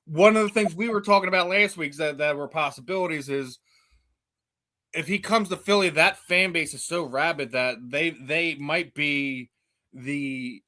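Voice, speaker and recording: A man co-hosting a sports podcast, debating in a halting way with frequent restarts that build into emphatic points. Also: a little high, pushed and bright. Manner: halting, many restarts, rises when making a point.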